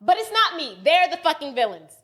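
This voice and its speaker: A woman in her late twenties with a high voice tells a story on a podcast in casual chat. She is blunt, heated and profane, and acts out what others said as she goes. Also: sing-song, fairly quick, fairly bright tone. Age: late 20s. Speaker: podcast co-host. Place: podcast studio.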